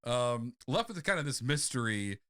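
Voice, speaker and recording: A man's voice: mid-range voice, big pitch swings, normal speed, a bit bright, no room sound, studio quality. A man co-hosting a comedy podcast, brainstorming in a giggly, rambling, enthusiastic way. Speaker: podcast co-host.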